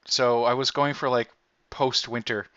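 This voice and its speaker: A man's voice: mid-range voice, little pitch movement, measured pace, a bit bright, clear, resonant tone, no room sound. A man playing in a tabletop game, explaining his ideas hesitantly and restarting his sentences. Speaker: player. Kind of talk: post-session chat. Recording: slightly dull lo-fi mic.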